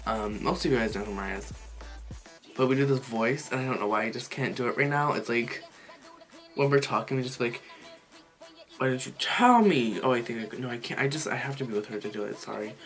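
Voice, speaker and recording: A man's voice: mid-range voice, fast talker, fairly bright tone, faint music behind. Chatty, foul-mouthed young-sounding man. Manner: chatty, swears freely, lots of "like" fillers. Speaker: makeup vlogger. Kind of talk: casual makeup tutorial chat.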